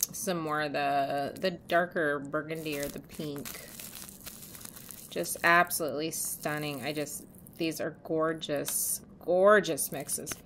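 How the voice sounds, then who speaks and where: Slow, bright-voiced woman vlogger. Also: deep voice, a little hiss or hum. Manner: chatty, many ums, gushing. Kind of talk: casual show-and-tell vlog. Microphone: camera mic.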